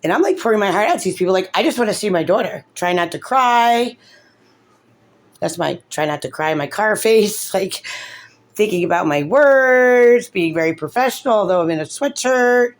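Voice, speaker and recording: A woman's voice: medium pitch, animated, normal speed. A woman, a mother, talking through her grievances in an upset, rambling way, tearful and full of fillers. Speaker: mother in a custody case. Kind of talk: emotional vlog commentary.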